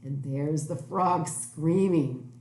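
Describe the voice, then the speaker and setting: A woman reading a picture book aloud to children, animated and exclaiming as she points out the pictures. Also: deep voice, slow. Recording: echoey room with faint noise.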